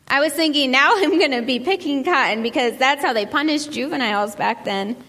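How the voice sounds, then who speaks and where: A woman speaks earnestly and with measured emphasis, slowing down on the phrases that matter most. Her voice sits a little high. A long reverb trails each line, as if she stands in a large hall. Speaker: speaker reading a memoir aloud. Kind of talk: earnest reading and preaching.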